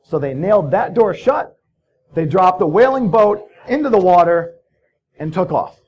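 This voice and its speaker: A man's voice: sits high, expressive, moderate pace, a little mellow, husky, dull audio. A man giving a casual conference talk, telling stories in a loose, profane way with many fillers. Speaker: conference speaker. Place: conference hall.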